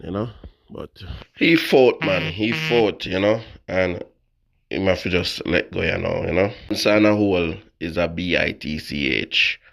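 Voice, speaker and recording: A man's voice: deep voice, gravelly. A Jamaican man hosting his channel, talking casually and sleepily in patois-laced speech. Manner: laid-back patois-laced talk. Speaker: channel host. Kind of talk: casual news commentary.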